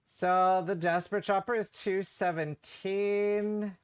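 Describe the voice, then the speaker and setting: Man, slightly high voice, rambling casual streamer chatter. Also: fairly even intonation, takes it slowly, smooth. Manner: chatty, rambling, heavy use of "like". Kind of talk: casual livestream chat while gaming.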